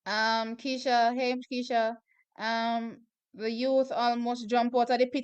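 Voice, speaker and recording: Excitable Jamaican woman hosting a watch party. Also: fairly high pitch, takes it slowly, clear, resonant tone. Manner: chatty, excitable, bursts into shouts and laughter. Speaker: live stream host. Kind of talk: live watch-party commentary.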